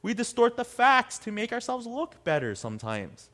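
High-voiced man preaching conversationally. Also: big pitch swings, moderate pace, pushed and bright. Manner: conversational, acts out quotes in other voices. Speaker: pastor. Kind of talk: sermon.

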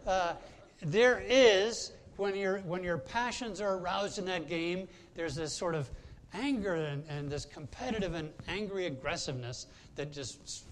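A man's voice: a little high, a little hiss or hum. A man preaching a sermon as pastor, telling a personal story in a conversational way with frequent hesitations and restarts.

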